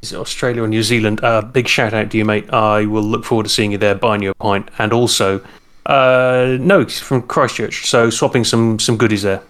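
A man co-hosting a casual podcast, chatting and giving shout-outs to listeners. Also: fairly low pitch, fairly even intonation, fairly quick, clean tone. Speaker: podcast co-host.

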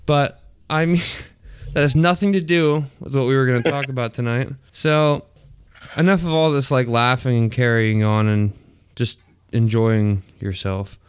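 A man's voice: medium pitch, steady tone, a little slow, smooth, no echo, studio quality. Crude, laughing podcast host man. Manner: crude, profane, laughs often while talking. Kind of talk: casual podcast chat.

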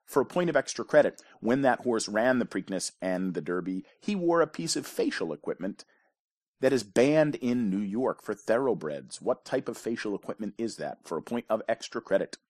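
A man's voice: fairly low pitch, expressive, moderate pace, a little mellow, no echo. Dry-voiced man hosting a trivia quiz. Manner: wry asides, dry jokes between questions. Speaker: pub quiz host. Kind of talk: casual trivia quiz reading.

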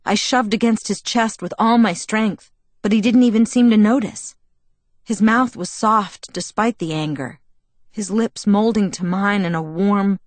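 A woman narrating a first-person novel as an audiobook, measured and expressive. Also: medium pitch, no room sound.

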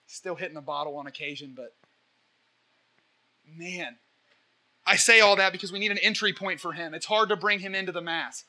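Young man, high-pitched, sharp and forceful tone, energetic rambling preacher, Q&A talk. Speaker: Catholic evangelist speaker. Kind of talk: impassioned Q&A talk.

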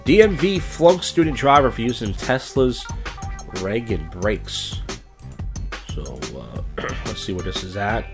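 A man's voice: on the low side, lively intonation, unhurried, music in the background. A man hosting a comedy podcast, reading odd news stories and adding sardonic, rambling asides. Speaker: podcast host. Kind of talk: casual comedic news commentary.

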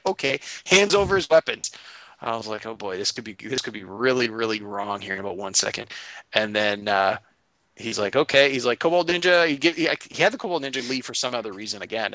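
A man recaps last week's tabletop game as its game master, his voice bright and forward. He tells it casually and animatedly, jumping into his players' lines as he goes. The sound is dry and close. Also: medium pitch, no echo, poor audio. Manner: animated retelling, quotes players in quick voices. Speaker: game master recounting a session.

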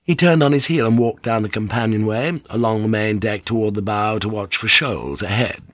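A male audiobook narrator with a low voice who reads in an even, measured way. The sound is dry and close, with no room echo. The recording has a dull, lo-fi quality. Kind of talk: scripted narration.

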